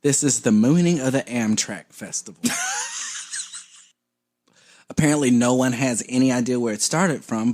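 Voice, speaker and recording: A man co-hosting a comedy podcast who talks in a laid-back, wry way. His voice sits at an ordinary middle pitch, and he drops joking asides while telling his story. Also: darkish tone. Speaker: podcast co-host. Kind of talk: casual comedic chat.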